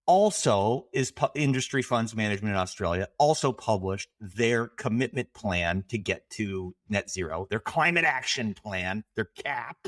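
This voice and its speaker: A man co-hosting a podcast, running through news items in a wry, joking way with quick asides. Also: on the low side, expressive, a bit bright, dry recording, studio quality. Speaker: podcast co-host. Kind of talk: casual news chat.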